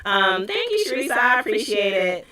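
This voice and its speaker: A woman's voice: a little high, very animated, normal speed, a crowd in the background. A woman hosting a casual livestream Q&A and answering viewer questions. She chats loosely, with lots of fillers and restarts, and laughs often. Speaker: livestream host and spiritual shop owner. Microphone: computer microphone. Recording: voice a bit far from the mic.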